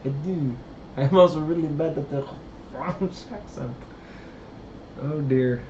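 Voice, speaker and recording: A man's voice: fairly high pitch, takes it slowly, dark tone. Chatty man live-streaming in a roomy workshop. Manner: rambling, chatty, answers chat comments. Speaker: stream host and puppet builder. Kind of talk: casual live-stream chat. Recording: roomy, dull, faint hiss.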